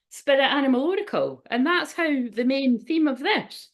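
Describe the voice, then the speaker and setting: A woman with a high-pitched, sing-song voice reads oracle cards unhurriedly on a casual livestream she hosts as a tarot and oracle card reader. She chats and rambles, frequently exclaiming and laughing at herself.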